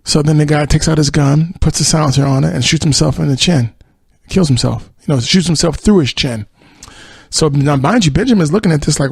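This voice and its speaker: A man's voice: a little high, a little fast, creaky, breathy edge, no echo. A male podcast host casually retelling a TV episode, rambling with many fillers and acted-out quotes.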